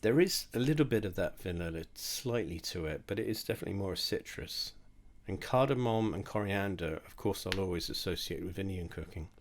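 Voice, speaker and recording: A man's voice: sits low, expressive, a little fast, few pauses, a little hiss or hum. A young man rambling and swearing through a casual drinks tasting while drunk, mocking himself as he goes. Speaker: host of a drinks tasting video. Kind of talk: casual tipsy tasting monologue.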